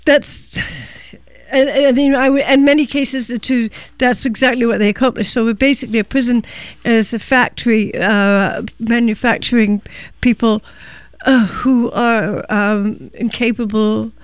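A woman hosts a community radio show, moving between an interview and a membership pitch. Her voice is slightly high, smooth and clear, and it is close and dry on a studio microphone. She talks haltingly, with frequent fillers and pauses. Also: steady tone, no echo.

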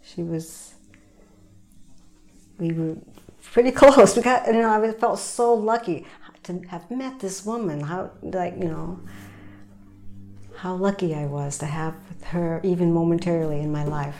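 Woman volunteer, low warm voice, soft and halting. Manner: halting and soft, with frequent pauses. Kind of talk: reflective personal storytelling.

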